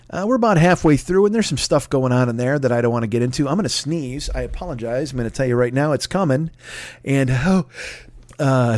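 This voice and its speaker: A forty-something podcast host delivers casual solo plugs in a rambling way, peppered with self-deprecating swearing. His voice is a little high, and the close-mic recording is dry, with no room sound.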